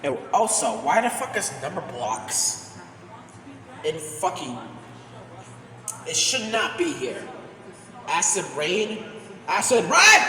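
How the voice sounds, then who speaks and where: A man voicing a foul-mouthed, angry male house cat in amateur comedic voice acting, ranting and shouting with constant swearing. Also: high-pitched, full character voice. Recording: echoey room with long reverb.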